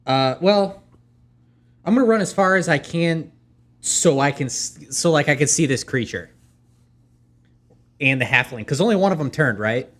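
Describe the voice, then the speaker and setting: A man's voice: a little high, expressive, moderate pace, pauses often, a bit bright. A man playing a tabletop role-playing game, thinking aloud and reading out spell rules. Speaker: player. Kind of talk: casual tabletop role-play chat.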